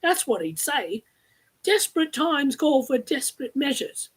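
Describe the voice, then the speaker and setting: A woman voicing a determined young man who speaks in a firm, brisk and decisive way, read aloud from her novel. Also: high-pitched, sing-song, poor audio. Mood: resolute.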